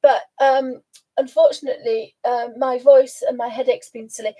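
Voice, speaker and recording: High, mellow-voiced woman host. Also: steady tone, moderate pace, low-quality recording. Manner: chatty, coos at her pet, laughs often. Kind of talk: casual live stream chat.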